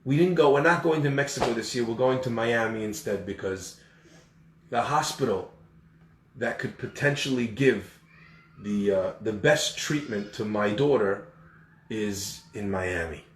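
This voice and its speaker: A man with a lowish voice tells a story in an unhurried way during a sermon talk, animatedly acting out the voices of its characters. The room is echoey, he's far from the mic, and there's a little hiss or hum.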